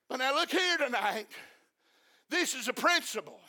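A male preacher delivering an impassioned sermon, repeating phrases and breaking into shouts. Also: very high voice, animated, normal speed, long pauses.

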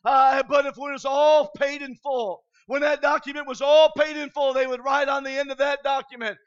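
A man from Michigan preaching an impassioned revival sermon, often shouting and filling pauses with "uh". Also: very high-pitched, level tone. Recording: dull lo-fi recording.

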